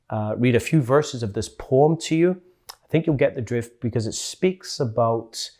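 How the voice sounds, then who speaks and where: A Scottish-accented parish priest talks through a relaxed weekly reflection, chatty and homely. His voice sits a little low. He slips in playful asides as he goes. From Scotland. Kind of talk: casual spoken reflection.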